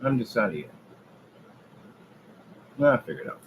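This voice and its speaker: A man delivering a rambling, boastful trash-talk rant about his business, taunting rivals and jumping from low mutters to loud outbursts. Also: animated, fairly quick, breathy edge, narrow, tinny audio. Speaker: business owner ranting on his channel.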